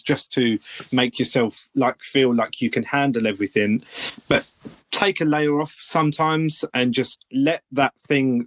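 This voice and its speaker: A man's voice: medium pitch, a bit bright, no echo. Earnest young man on a podcast. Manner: earnest, opens up about feelings. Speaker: podcast co-host. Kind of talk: casual chat. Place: home room.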